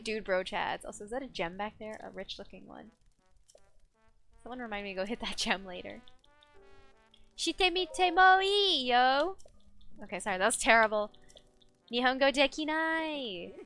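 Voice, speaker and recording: A woman's voice: mid-range voice, a bit bright. A woman live-streaming a video game, chatting casually, reading chat aloud and giggling often.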